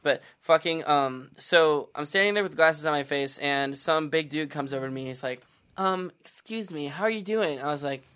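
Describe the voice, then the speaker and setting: A man's voice: fairly high pitch, normal speed, clear, resonant tone. A young man, a rapper guest on a podcast, telling a story in casual chat, swearing freely and acting out the people he quotes. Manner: animated, swears a lot, acts out others in quotes.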